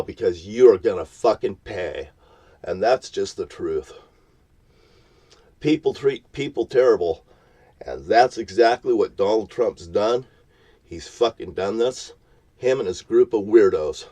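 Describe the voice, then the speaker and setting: A man's voice: on the low side, animated, measured pace, warm tone. A man ranting at the camera from his parked vehicle in a profane, threatening, preachy tone. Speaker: vlogger.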